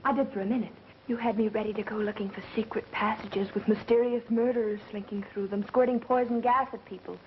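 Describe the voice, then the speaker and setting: An actress playing a quick-witted, sarcastic young woman who works as an ad executive, in a 1930s film. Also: mid-range voice, fairly even intonation, close to an everyday voice. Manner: sassy, sarcastic. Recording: dull 1930s film soundtrack, faint hiss.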